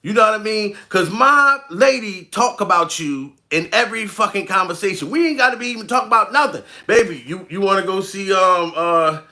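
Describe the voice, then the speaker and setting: Bright high-voiced man ranting profanely. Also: animated, a little fast, hardly any pauses. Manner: profane, repetitive street-talk rant. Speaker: comedian. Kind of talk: comedic rant to camera.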